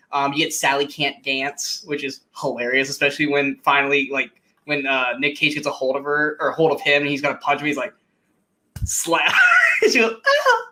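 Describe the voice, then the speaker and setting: A man's voice: on the high side, pushed and bright. A man co-hosting a casual movie podcast, talking enthusiastically, laughing often and quoting film lines. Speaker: podcast co-host.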